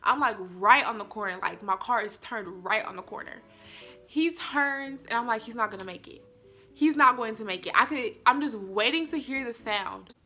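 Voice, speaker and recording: A young woman, telling viewers a story in an animated, chatty way. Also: on the high side, moderate pace, faint music behind. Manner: animated, addresses viewers as y'all. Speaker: vlogger. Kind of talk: storytime vlog.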